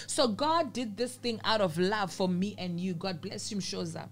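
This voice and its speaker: A woman's voice: mid-range voice, moderate pace, few pauses, faint music behind. A woman preaching a sermon in an earnest manner, repeating phrases for emphasis.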